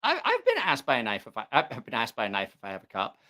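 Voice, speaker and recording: A man hosting a knife channel, telling stories in a casual, profane, animated way. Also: medium pitch, fast. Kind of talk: casual storytelling chat.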